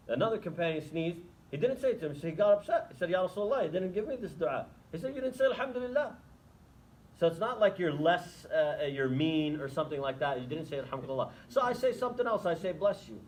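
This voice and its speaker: A man's voice: a little high, rough recording. A man giving an Islamic lecture to students, talking conversationally and asking the audience rhetorical questions, then taking questions. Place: lecture room.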